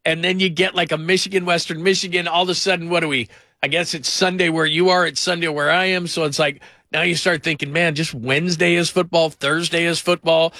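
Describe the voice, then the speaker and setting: High bright-voiced guy running a sports call-in show, rambling and animated, dry studio mic. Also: fairly quick, dry recording. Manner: animated, rambling, mimics people in put-on voices. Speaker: sports radio host. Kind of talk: call-in sports radio talk.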